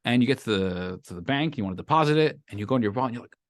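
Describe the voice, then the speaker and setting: Speaking very fast at a medium pitch, a male rabbi runs a conversational weekly lecture for a live group of students in a classroom, animatedly playing out everyday situations as examples. His pitch moves up and down with expression, and the audio is close and dry with no echo.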